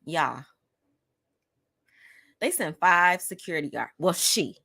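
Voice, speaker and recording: Woman, podcast host, personal storytelling, emphatic, outspoken, talks to listeners directly, lower pitch, bright tone. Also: expressive, slow, vocal fry, slightly rough, no room sound, clean studio sound. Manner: outspoken and heated.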